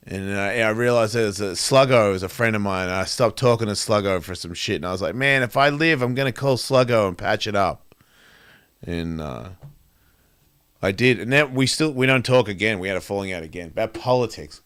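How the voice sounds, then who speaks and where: A man's voice: on the low side, a little fast, a bit bright, smooth, no room sound, studio quality. A middle-aged man, hosting his show and speaking candidly in a profane, rambling, confessional way. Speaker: host. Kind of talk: candid monologue.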